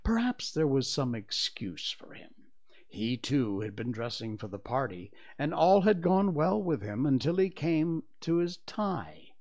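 A man narrating a classic children's story in an expressive reading voice. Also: on the high side. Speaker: audiobook narrator.

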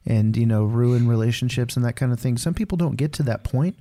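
A man's voice: medium pitch, brisk, dark tone. A man hosting a faith conversation, thoughtful and supportive, sometimes searching for words. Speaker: podcast host. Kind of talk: casual conversation.

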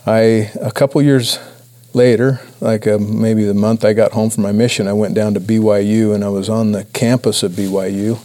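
A man giving a personal testimony talk to a church audience, earnest and halting with many restarts. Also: fairly low pitch, flat delivery, warm tone. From Idaho, USA. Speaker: church speaker.

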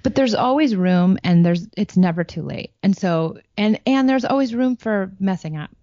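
A woman's voice: medium pitch, normal speed, no echo. A middle-aged woman talking about parenting in a casual podcast chat, earnest and reassuring. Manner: earnest, reassuring, animated when acting out scenes. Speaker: parenting coach. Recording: dull, lo-fi dry sound.

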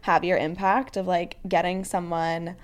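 A woman's voice: on the low side, flat delivery, measured pace, a little hiss or hum. A young woman co-hosting a podcast, reading sponsor and event plugs with teasing enthusiasm. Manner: enthusiastic, teasing, laughs easily. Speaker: podcast co-host. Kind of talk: casual podcast chat and ad read.

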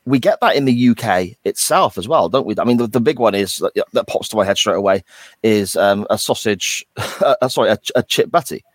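A man's voice: on the low side, a little fast, no echo. A man, co-hosting a casual podcast chat in a rambling way. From England. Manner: rambling, restarts sentences. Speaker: podcast co-host.

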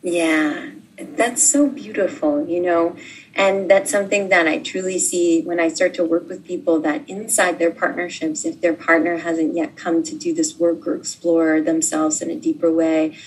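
A woman speaking as a life coach in a relaxed interview, gentle and soothing, often acting out sample dialogues. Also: lowish voice, normal speed, distant mic, slight background noise, low-quality recording.

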